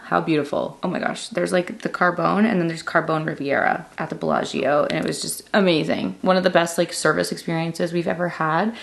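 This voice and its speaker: Chatty young canadian woman vlogging, lots of oh my gosh, voice kinda hoarse and gravelly. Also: on the low side. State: voice worn from screaming. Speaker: beauty vlogger. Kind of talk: casual chat to camera.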